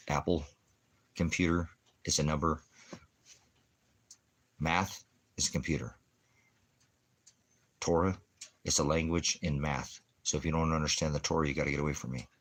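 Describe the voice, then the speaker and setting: Low-voiced, profane livestream preacher man. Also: fairly bright tone. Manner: profane, insulting, mocking; jumps between jokes and scripture talk. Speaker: livestream ministry host. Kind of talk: livestream rant answering chat.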